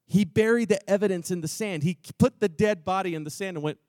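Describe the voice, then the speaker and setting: A man's voice: high voice, fairly quick, a little mellow, no room sound, studio quality. A man from Texas preaching a sermon, telling a story in a loose, slangy way with offhand asides. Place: church gathering room.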